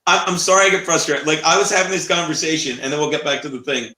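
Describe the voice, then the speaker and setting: A man co-hosting a casual livestream chat, loud and swearing, laughing through his stories. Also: a little high, fast talker. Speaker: co-host. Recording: echoey room.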